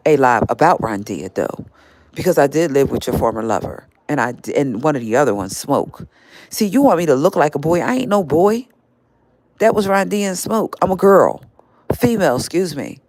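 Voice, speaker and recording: A woman's voice: low voice, a little mellow, dry recording. An older woman hosting a live stream, scolding and confronting someone directly in a heated rant.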